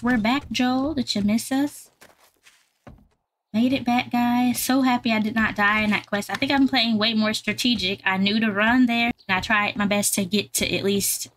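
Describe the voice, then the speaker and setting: A woman giving casual gameplay commentary, chatting to her viewers and getting excitable during fights. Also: fairly high pitch, slight background noise. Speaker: gaming YouTuber.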